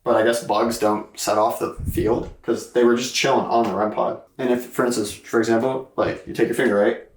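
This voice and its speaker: A man's voice: mid-range voice, brisk, slight background noise. Young man hunting ghosts in an echoey room. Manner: talks directly to viewers and to spirits, jumpy and excitable. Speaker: paranormal investigator and host. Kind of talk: casual vlog narration during a ghost hunt. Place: dark basement of an old club.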